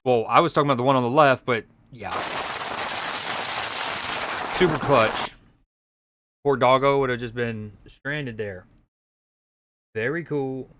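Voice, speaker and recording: A man hosts a live stream, chatting in a relaxed way with his viewers as he reacts to clips. His pitch sits in the middle, and he talks in an easygoing, conversational way. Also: a little slow, long pauses, background noise.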